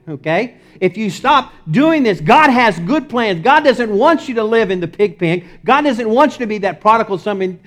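A male pastor preaching a sermon in a church, moving from loud emphatic lines to low, quiet ones. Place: church sanctuary.

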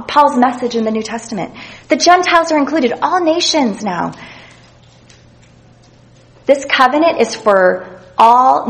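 A woman's voice: a little high, poor audio. Earnest woman teaching from scripture. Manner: earnest, reflective, reads scripture aloud. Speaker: Bible teacher. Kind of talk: devotional Bible teaching.

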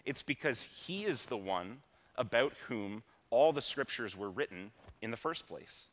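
A man's voice: medium pitch, fairly bright tone. A man preaching a sermon in a conversational, plain-spoken way, with casual asides. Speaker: pastor.

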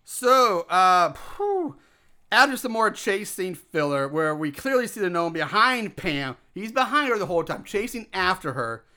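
A man co-hosting a podcast, loudly recapping a bad movie in a profane, ranting casual style. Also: high voice, sing-song, measured pace. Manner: loud, ranting, swears a lot. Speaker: podcast co-host.

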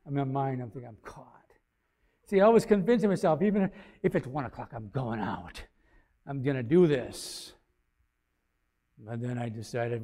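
An older man giving an informal, rambling sermon with a personal story, his folksy voice swelling loud and dropping low. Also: lively intonation, normal speed. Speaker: lay preacher.

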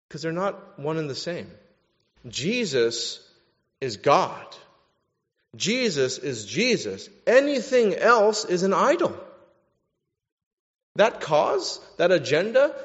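A man preaching a sermon, animated, swinging between loud bursts and hushed stretches. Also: on the high side. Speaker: pastor. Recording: dull sound with long hall reverb.

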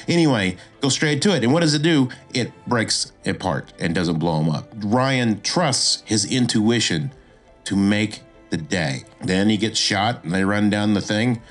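Man, podcast host, low-pitched voice, casual instructional talk, animated delivery, frequent restarts, faint background music. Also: moderate pace.

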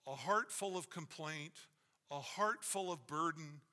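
A man's voice: on the high side, unhurried, pushed and bright. A man preaching a sermon as a pastor, emphatic and repetitive in his cadence. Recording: long reverb of a large hall.

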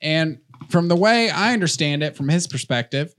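Guy ranting casually, swears a lot, a bit higher voice. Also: animated, normal speed, a bit bright. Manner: blunt, profane, ranting. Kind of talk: casual chat.

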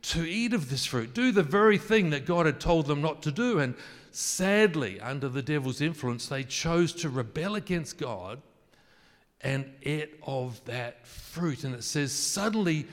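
A man's voice: a little high, animated, measured pace, in a large hall. A man preaching a sermon in a conversational way, asking his listeners questions. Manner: conversational, asks the congregation questions, jokes about his wording.

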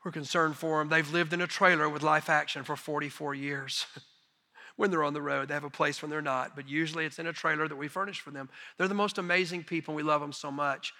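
A middle-aged man preaching as a missionary, telling folksy, self-deprecating stories in an animated way. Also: a little high, fast. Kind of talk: sermon storytelling. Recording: long reverb of a large hall.

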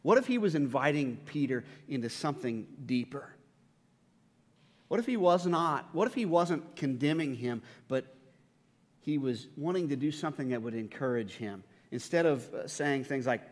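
Male pastor with a slightly high voice, preaching with dramatic acted-out lines in a reverberant church hall. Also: animated, normal speed. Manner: dramatic, acts out the Bible voices with rising pitch and force; repeats words and restarts often. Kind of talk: sermon.

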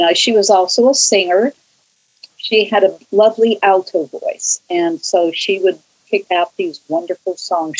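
An older Californian woman who sings in a church choir recalls her musical upbringing in an interview, rambling conversationally with frequent restarts and tangents. Her voice is on the low side, and the recording is rough.

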